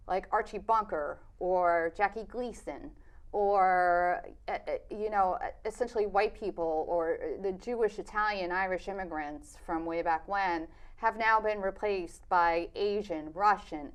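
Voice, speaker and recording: A woman filmmaker answering interview questions in a thoughtful, measured way, pausing on fillers. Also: mid-range voice. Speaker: documentary filmmaker, interview guest.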